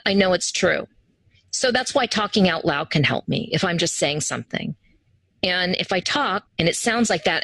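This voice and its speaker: A woman's voice: mid-range voice, no room sound, low-quality recording. A woman guest in a casual interview, talking animatedly and acting out quoted voices as she tells her stories. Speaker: interview guest, human design teacher.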